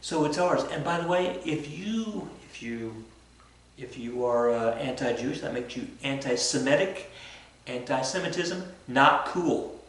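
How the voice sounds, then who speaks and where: A man's voice: medium pitch, expressive, a little slow, a bit bright. A male teacher giving a casual, rambling lecture with lots of self-corrections and fillers. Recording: very echoey room, from far off the mic.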